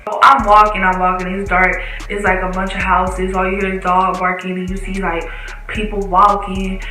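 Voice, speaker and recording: Young woman, around eighteen, slangy storytime vlogger, very bright tone, echoey room. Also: medium pitch, normal speed. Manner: animated, slangy, swears, acts out quotes. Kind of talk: casual storytime. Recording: echoey room with faint music.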